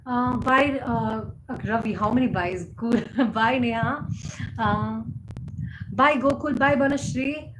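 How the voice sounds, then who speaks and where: A woman's voice: on the high side, slow pace. Chatty woman, echoey room. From India. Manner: chatty, frequent fillers, laughs easily. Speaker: livestream host. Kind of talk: casual live chat answering viewer comments. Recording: echoey room with background noise.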